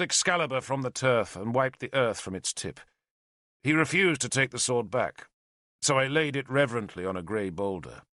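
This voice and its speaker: A male audiobook narrator telling a historical tale in the first person. His voice sits low but sounds bright and crisp, with lively rises and falls. The recording is dry and close. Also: normal speed, no echo. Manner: lyrical, expressive storytelling.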